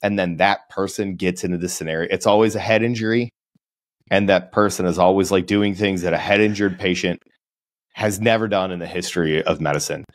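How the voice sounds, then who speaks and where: Deep-voiced joking podcast co-host, man. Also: fairly even intonation, brisk, no room sound. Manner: joking storyteller, laughs often. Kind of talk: casual podcast chat.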